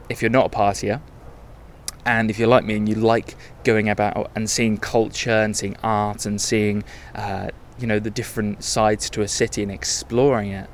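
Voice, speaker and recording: A young man hosts a casual travel podcast, talking candidly in a rambling monologue full of self-corrections. His voice is lowish, and there's slight background noise.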